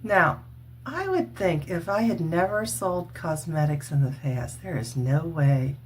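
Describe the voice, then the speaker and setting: A woman in her sixties, a vlogger, chats casually and earnestly to her camera at home about makeup and shares testimony, laughing often. Her low voice is expressive and measured in pace, with a little hiss or hum in the recording.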